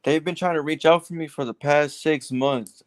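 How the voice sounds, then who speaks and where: A man's voice: on the high side, steady tone, moderate pace, dry recording. A man calling in for advice, telling a long story with many restarts. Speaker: caller seeking advice. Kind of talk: casual phone conversation.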